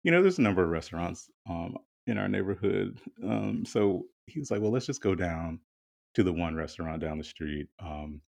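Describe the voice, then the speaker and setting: Relaxed and candid, a podcast co-host with a very low, deep, gravelly voice shares his story at normal speed. The loose, chatty conversation includes the occasional swear word.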